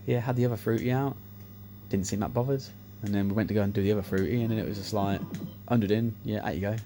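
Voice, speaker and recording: A man telling sweary, animated anecdotes while playing a slot machine, acting out what people said. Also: fairly low pitch, fast talker. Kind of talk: casual storytelling over gameplay. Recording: music playing behind the voice.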